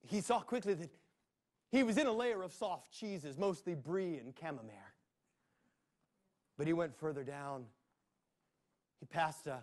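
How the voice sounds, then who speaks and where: A man telling a playful tale to children at a library, with sound effects and asides. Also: a little high. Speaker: storyteller. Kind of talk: live storytelling for children. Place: public library.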